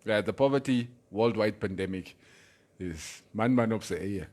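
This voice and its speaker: A man's voice: on the low side, normal speed, a crowd in the background. A man with a Namibian accent hosting a casual morning radio show, laughing often and reading out listener comments. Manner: laughing, mixes English and Afrikaans, reads listener comments. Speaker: radio host.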